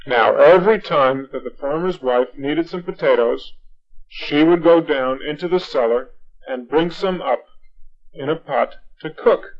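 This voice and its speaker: A man telling a bedtime story to his young child, patient and gently firm, on a dull lo-fi home recording. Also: a little high.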